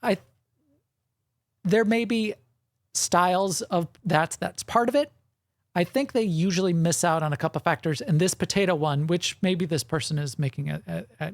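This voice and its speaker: A man co-hosts a gaming podcast in casual chat, rambling and correcting himself, with frequent chuckles. His voice sits high and sounds gravelly, and there's no echo.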